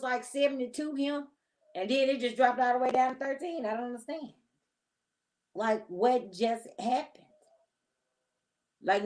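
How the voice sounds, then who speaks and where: A woman's voice: a little high, darkish tone, rough recording. A woman hosting a casual commentary vlog, talking straight to her viewers in a chatty, opinionated, slangy way. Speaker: host.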